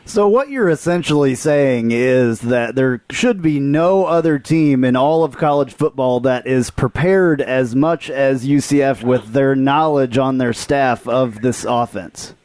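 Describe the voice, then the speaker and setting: A man's voice: mid-range voice, a little slow, few pauses, a little mellow, no echo. A man co-hosting a sports podcast, summing up what the guest has just said. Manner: sums up the guest's point as a question. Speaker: podcast co-host.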